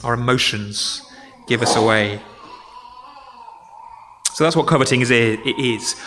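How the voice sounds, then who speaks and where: A man's voice: medium pitch, lively intonation, moderate pace, pauses often, in a large hall, background noise. A man preaching a sermon to children and adults, conversational and explaining with examples. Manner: conversational, with acted-out grumbling quotes.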